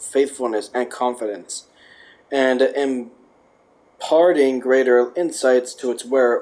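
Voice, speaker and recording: A man's voice: mid-range voice, takes it slowly, a little mellow. A man casually reading aloud, stumbling and correcting himself, and adding wry joking asides. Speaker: vlogger.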